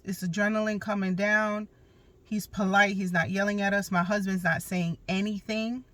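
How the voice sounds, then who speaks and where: A woman's voice: mid-range voice, a bit bright, no echo. Candid, emphatic woman telling a story. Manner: candid, emphatic, blunt with occasional profanity. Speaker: podcast host. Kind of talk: personal storytelling monologue.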